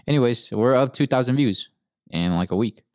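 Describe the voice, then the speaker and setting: A man's voice: medium pitch, lively intonation, moderate pace, darkish tone, no room sound, clean studio sound. A young man co-hosting a podcast, telling a rant in a laid-back, profane way and saying "bro" a lot. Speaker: podcast co-host. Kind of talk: casual storytelling rant.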